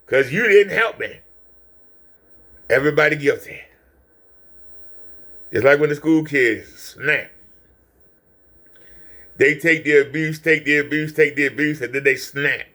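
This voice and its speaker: A man delivers a foul-mouthed rant full of taunts and insults aimed at someone he is watching. His voice sits a little high for a man. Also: measured pace, sharp tone. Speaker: channel host reacting to a clip. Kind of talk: profane reaction rant.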